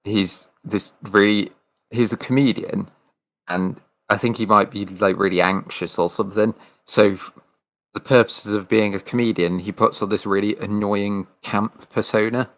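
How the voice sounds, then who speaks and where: Sardonic man with a gravelly voice. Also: lowish voice, fairly even intonation, moderate pace, a bit bright. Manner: sardonic, blunt. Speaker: podcast co-host. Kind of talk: casual chat.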